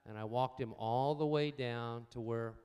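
An older man preaching a sermon, swinging between loud emphatic points and quiet personal stories, calling out for amens. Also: mid-range voice, fairly even intonation, measured pace, smooth. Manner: asks the congregation for amens. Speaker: pastor.

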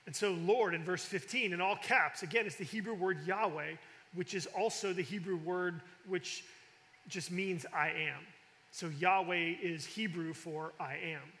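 A man's voice: high-pitched, unhurried, sharp tone. A man teaching from the Bible in a conversational, emphatic way, often restarting sentences and using fillers. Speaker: preacher. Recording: long hall reverb.

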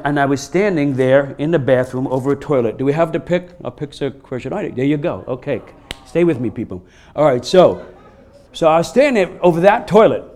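A man preaching a sermon as pastor, telling stories in a lively, conversational way from a church stage. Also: fairly high pitch. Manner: storytelling, animated and laughing during funny stories. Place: church sanctuary.

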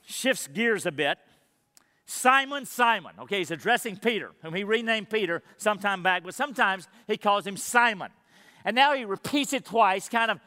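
Earnest pastor preaching in a hall. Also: male voice, sits high, fairly bright tone. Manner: earnest preaching, rhetorical questions. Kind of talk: sermon.

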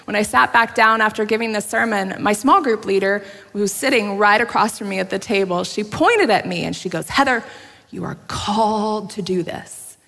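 A woman's voice: mid-range voice, a little fast, vocal fry, few pauses, pushed and bright. A woman preaches a sermon in a church sanctuary, her voice trailing into a long hall reverb. She tells her story candidly and with self-deprecating humor, breaking into little laughs along the way. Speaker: pastor.

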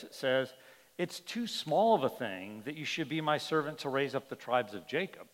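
A man preaching a sermon as pastor, earnest and emphatic, often letting his voice drop at the end of a point. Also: mid-range voice. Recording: long hall reverb.

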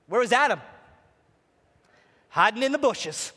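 A man preaching a sermon as pastor, animated and playful, speaking to a congregation. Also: extremely high pitch, slow, long pauses, slightly rough, long reverb tail. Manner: animated, preacherly, acts out voices. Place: church sanctuary.

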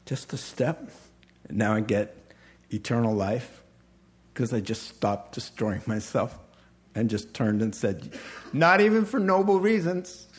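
A man's voice: on the low side, steady tone, slow, pauses often, a little mellow. A middle-aged male preacher delivering a folksy, humorous sermon, chuckling at his own lines.

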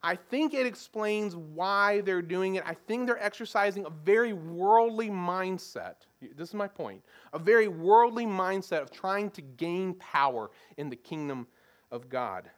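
A man's voice: high voice, expressive, normal speed. A man preaching a sermon in a conversational teaching manner, often asking the congregation rhetorical questions. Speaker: pastor.

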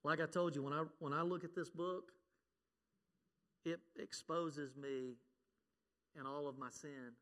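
A man's voice: a little high, steady tone, a little slow, pauses often, fairly bright tone. A man preaching a sermon as pastor, earnest, quoting scripture and at times getting choked up. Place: church sanctuary. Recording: long reverb of a church hall.

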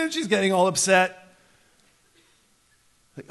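This expressive male voice moves at normal speed as a pastor in his thirties gives a conversational sermon. He dramatizes quoted voices through sudden pitch jumps.

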